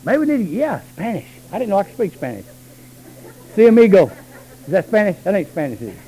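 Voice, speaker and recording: A high-pitched male preacher, delivering a sermon. He talks quickly and low in his asides, then climbs into long, shouted, stretched-out lines. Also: huge pitch swings, a little hiss or hum, poor audio. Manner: swings from low talk to high shouted calls.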